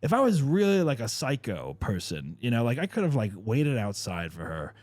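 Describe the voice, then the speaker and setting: A man's voice: medium pitch, wildly swooping pitch, normal speed, darkish tone, no echo. A man hosting a podcast, telling a long rambling story full of fillers and swearing. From New Jersey. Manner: rambling, filler-heavy, profane. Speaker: podcast host. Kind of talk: casual storytelling chat.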